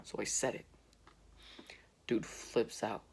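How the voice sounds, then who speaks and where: A man's voice: lowish voice, fairly even intonation, slow pace, creaky, slight background noise. A young man telling a casual story to camera, rambling with frequent restarts and acting out what others said. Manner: rambling, restarts often, acts out quotes. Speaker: vlogger.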